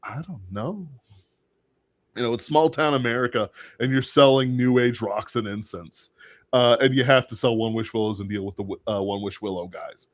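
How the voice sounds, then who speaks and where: A man's voice: mid-range voice, normal speed, no room sound. A man hosting a casual livestream chat about a movie, talking in a rambling, hesitant way with many filler words. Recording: dull, dry lo-fi audio.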